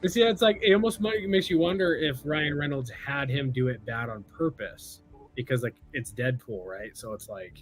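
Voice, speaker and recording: A man's voice: mid-range voice, moderate pace, soft background music, low-quality recording. A man co-hosting a casual livestream with joking banter.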